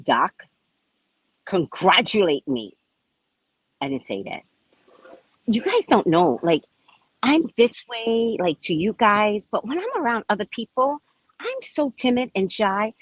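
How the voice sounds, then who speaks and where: A woman telling a story to her viewers in a chatty, frank and animated vlog, now and then profane. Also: a little high, a little slow, dry recording, rough recording. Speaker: vlogger. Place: at a resort.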